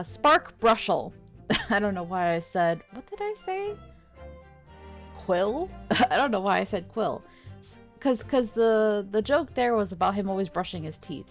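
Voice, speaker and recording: A woman doing casual let's play commentary, rambling and chatty, laughing at herself as she talks. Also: medium pitch.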